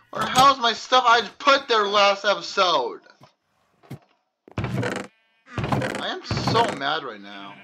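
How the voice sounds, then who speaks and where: A man's voice: sits high, background noise. A young man commenting on his own gameplay, exasperated and complaining over and over about lost items. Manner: exasperated, repeatedly complaining and ranting. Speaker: gaming channel host.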